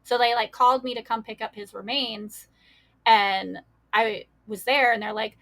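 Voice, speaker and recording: Bright-voiced woman telling a painful story. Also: a little high, fairly even intonation, normal speed. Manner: many fillers, acts out quoted voices. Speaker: guest. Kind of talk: emotional personal storytelling.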